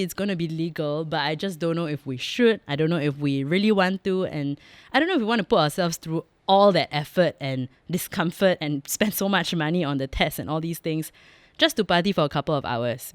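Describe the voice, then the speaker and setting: A woman with a Singaporean accent hosts her own podcast in a studio, delivering a casual, chatty monologue that is frank, joking, and full of laughter. Her voice is on the low side, picked up by a close studio mic in a dry recording.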